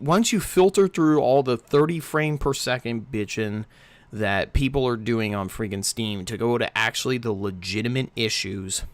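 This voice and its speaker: A man's voice: lowish voice, fairly bright tone, no echo. A man giving a casual, exasperated game review, ranting and swearing freely into a close home mic.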